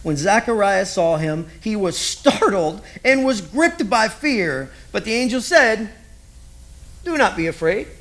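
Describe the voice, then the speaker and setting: A man preaching a sermon in a conversational, animated way, full of rhetorical questions. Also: high-pitched, a little slow, hardly any pauses. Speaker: pastor.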